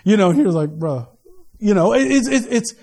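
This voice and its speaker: High-voiced man preaching with stammered restarts. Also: fast, vocal fry, warm tone. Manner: casual, joking preaching with many stammered restarts. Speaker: pastor. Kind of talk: sermon.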